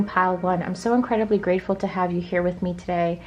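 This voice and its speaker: A woman reading tarot for her viewers in a gentle, reassuring, slow and measured way. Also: fairly low pitch, fairly even intonation, lo-fi sound, over music. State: choked up. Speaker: tarot reader. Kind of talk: pick-a-card tarot reading.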